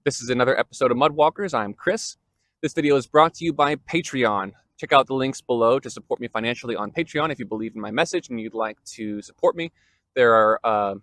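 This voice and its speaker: Male host for a casual Bible teaching vlog, mid-pitched, dry close sound, loose and chatty. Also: a bit bright, dry recording. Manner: conversational, with fillers and self-corrections.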